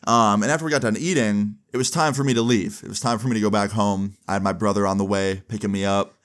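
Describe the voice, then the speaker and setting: A man's voice: lowish voice, fairly even intonation, fast talker, a bit bright. A young adult man casually narrating a personal story, full of "like" fillers and acting out quoted dialogue. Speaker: storytime vlogger.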